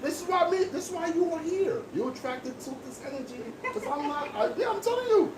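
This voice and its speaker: Man with a high voice, lecturing emphatically. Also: lively intonation, a little fast, distant mic. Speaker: barber. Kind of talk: casual barbershop chat. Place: barbershop. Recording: echoey room with background noise.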